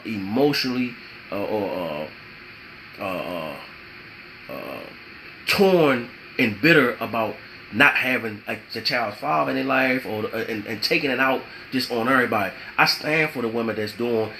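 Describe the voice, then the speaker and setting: A man's voice: medium pitch, sharp tone, a little hiss or hum, rough recording. A man giving relationship advice as a vlogger, emphatic and repetitive, slipping into preachy spiritual asides. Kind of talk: preachy motivational talk.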